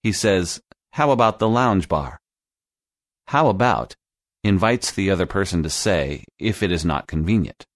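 Deep dry voiced guy reading out an english lesson, slow and clear. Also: animated, dry recording. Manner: slow, clear teaching delivery. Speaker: English teacher. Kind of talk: scripted podcast lesson narration.

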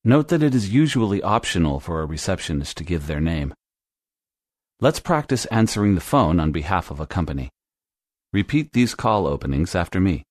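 Deep-voiced man teaching business English. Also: very animated, no echo, studio quality. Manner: clear, measured instructional delivery. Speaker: language teacher. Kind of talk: scripted English lesson narration.

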